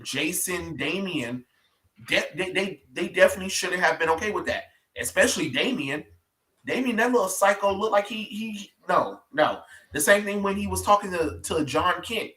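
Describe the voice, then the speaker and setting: A man in casual pop culture chat, animated and rambling as a podcast co-host. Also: fairly high pitch, distant mic. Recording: echoey room, off-mic.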